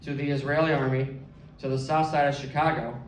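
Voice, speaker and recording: A man doing a stand-up set in a comedy club, telling stories deadpan and landing punchlines with energy. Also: medium pitch, a little fast, slight background noise. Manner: deadpan storytelling, animated punchlines. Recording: roomy club, distant mic. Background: audience laughter.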